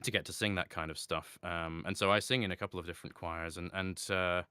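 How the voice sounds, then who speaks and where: A man's voice: low-pitched, steady tone, pushed and bright, smooth, no echo, studio quality. A man being interviewed in casual chat, talking thoughtfully with many restarts and light laughs. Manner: halting, thoughtful, with frequent restarts. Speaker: interview guest.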